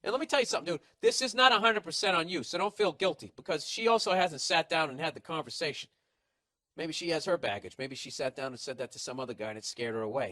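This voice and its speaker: A man's voice: on the high side, fast talker, bright, forceful tone, no room sound. A man hosting a podcast, giving blunt, profane, rambling comedic advice. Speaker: podcast host.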